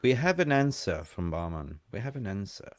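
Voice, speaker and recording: A man hosting a live call-in show, chatting casually and rambling, quick to laugh. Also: lowish voice, sing-song, no room sound.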